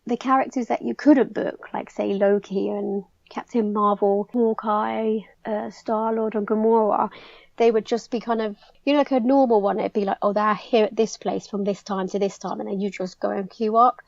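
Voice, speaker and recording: A young English woman chatting excitedly as a podcast guest, peppering her story with "like". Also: medium pitch, moderate pace, vocal fry, no room sound, highs cut off. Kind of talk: casual chat.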